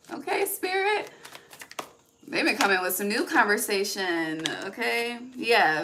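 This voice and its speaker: A woman's voice: medium pitch, very animated, a little slow, sharp tone. A woman giving a casual, rambling tarot reading, laughing often and trailing off mid-sentence. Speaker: tarot reader.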